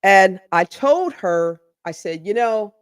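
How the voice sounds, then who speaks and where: A woman's voice: mid-range voice, animated, slow, smooth, dry recording. A middle-aged woman hosting her own podcast, talking in a sassy, emphatic, colloquial way as she rants to her listeners. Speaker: podcast host. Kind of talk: casual commentary monologue.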